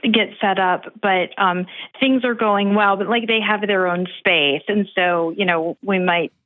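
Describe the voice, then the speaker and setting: Female caller, phone-line sound, talkative and casual, medium pitch. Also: steady tone, measured pace. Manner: chatty storytelling, many fillers. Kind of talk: phone call to advice show.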